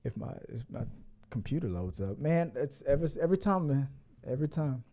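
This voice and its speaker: A man's voice: medium pitch, animated, a little fast, mellow. A man hosting a casual podcast, rambling and joking as he restarts his words. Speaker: podcast host. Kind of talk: casual chat.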